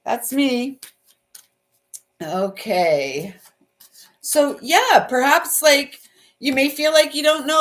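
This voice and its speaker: A woman's voice: sits high, expressive, slow pace, long pauses, fairly bright tone. A woman in her fifties from Canada hosts a live card reading. She talks in a gushing, wandering way and keeps circling back to her feelings, with fillers and trailing thoughts. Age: 50s. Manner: gushing, meandering, emotional. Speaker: intuitive card reader, livestream host.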